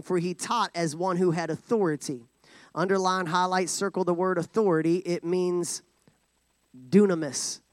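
A man's voice: sits high, no echo. A man preaching a sermon in a folksy, joking way, calling for responses from the congregation. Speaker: guest preacher.

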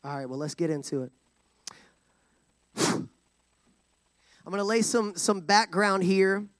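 High voiced guy preaching, folksy and joking, dry close sound. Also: expressive, takes it slowly, fairly bright tone, dry recording. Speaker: guest preacher. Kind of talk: sermon.

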